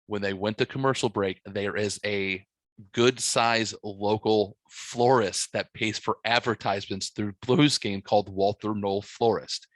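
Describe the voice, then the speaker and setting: A man hosting a podcast, telling a story in casual chat, profane and animated, getting louder as he laughs. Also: fairly low pitch, measured pace, no echo. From St. Louis, USA. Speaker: podcast host.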